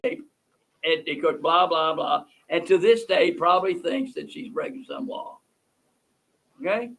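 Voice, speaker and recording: Older doctor guy ranting, husky and forceful, swears a lot. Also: sits high, low-quality recording. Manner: blunt, profane, ranting. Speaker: physician host. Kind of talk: livestream Q&A talk.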